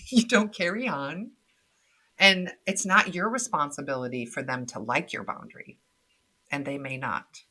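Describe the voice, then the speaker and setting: A woman's voice: on the low side, bright, forceful tone. A middle-aged woman speaking as a podcast guest in casual conversation, laughing often and acting out quoted voices.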